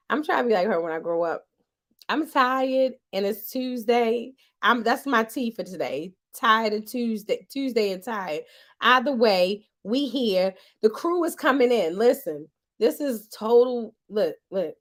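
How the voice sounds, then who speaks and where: A high-pitched woman hosts a live podcast stream. She talks loose and slangy, stretching words and hyping up the crowd. Her delivery stays playful and chatty throughout. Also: a bit bright. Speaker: podcast host. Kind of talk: casual livestream chat.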